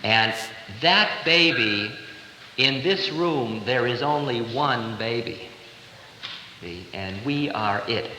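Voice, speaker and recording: A man's voice: mid-range voice, animated, slow pace, bright, forceful tone, a little hiss or hum. A man in his thirties giving a playful, conversational spiritual lecture, recorded live in a large hall in 1970. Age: 30s. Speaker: spiritual teacher.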